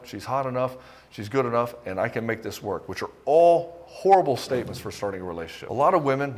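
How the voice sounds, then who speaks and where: A man coaching husbands on relationships, talking bluntly and casually, swearing freely and hammering points in short bursts. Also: medium pitch. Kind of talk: direct-to-camera coaching talk.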